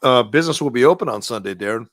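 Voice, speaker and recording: A man hosting a live match watchalong, reacting excitedly to the play and laughing often. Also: medium pitch, very fast, no room sound, clean studio sound. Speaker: watchalong host.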